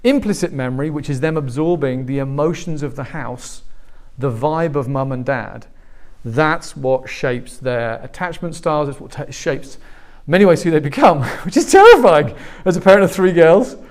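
Pastor, forties, man, higher-pitched voice, lively storytelling sermon. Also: moderate pace, hardly any pauses. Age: 40s. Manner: animated storytelling, acting out quoted voices.

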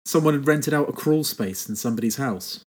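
A man chatting casually on a podcast, joking with quick quips. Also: mid-range voice, expressive, husky. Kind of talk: casual chat.

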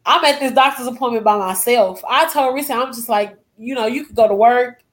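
Guest, young woman, fairly high voice, emotional first-person storyteller who acts out the dialogue. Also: brisk. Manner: emotional retelling with acted-out quotes.

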